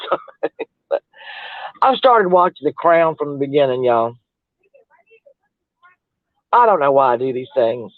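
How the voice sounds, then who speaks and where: A man's voice: medium pitch, expressive, measured pace, long pauses, dry recording. A man chatting in a rambling, casual way on a livestream, laughing often and trailing off mid-thought. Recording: tinny phone-like dry audio.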